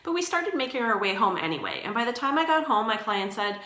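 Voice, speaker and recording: A woman's voice: fairly high pitch, very animated, quick pace, bright, forceful tone, reverberant. A woman who works as a doula, giving casual, reassuring advice and often checking in with her listener. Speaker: doula and doula trainer.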